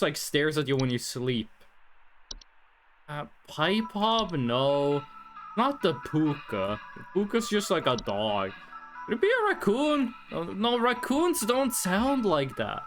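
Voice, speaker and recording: Streamer musing out loud over a game, slow and drawly, pitch bouncing all over, light music behind. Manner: thinks aloud, chatty, swears casually. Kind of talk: casual game commentary. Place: at home.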